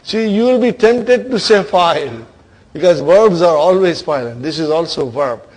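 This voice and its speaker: A man teaching an Arabic grammar lesson to students, coaxing them along, stretching key words and trailing off softly at the ends of phrases. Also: on the high side, lively intonation, measured pace, poor audio. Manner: coaxing, keeps asking "are you with me, brother?".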